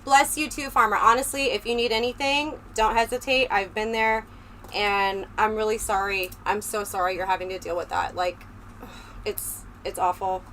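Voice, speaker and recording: Talking directly to her chat, this woman streamer rambles in a chatty, casual way over a close desk mic. Her voice is pushed and bright, with fairly even intonation and a moderate pace, while a fan hums low behind her.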